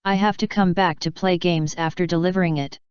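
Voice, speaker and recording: A woman's voice: lowish voice, steady tone, fairly quick, a little mellow, smooth, no room sound, highs cut off, close to an everyday voice. A woman reading the lines of an arrogant, impatient male ninja in a brusque, curt way.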